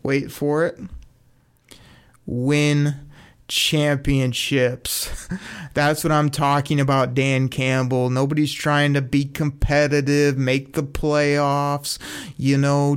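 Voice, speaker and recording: Man, casual sports recap, smooth clear voice, enthusiastic, laughs often. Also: mid-range voice. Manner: enthusiastic, laughing, quoting others. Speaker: sports commentator.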